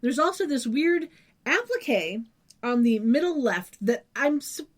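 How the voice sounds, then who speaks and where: A woman's voice: sits high, expressive, a little slow. A young woman co-hosting a podcast, rambling through a casual recap with detailed descriptions and casual swearing. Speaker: podcast co-host.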